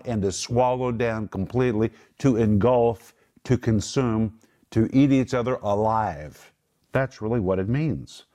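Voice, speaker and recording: A man's voice: mid-range voice, mellow. Emphatic man teaching the Bible. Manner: emphatic, explains words one by one. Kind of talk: Bible teaching in a group discussion.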